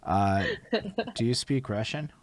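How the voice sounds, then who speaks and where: Male interview host, low voice, laid-back slang. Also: takes it slowly, no room sound. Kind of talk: casual interview chat.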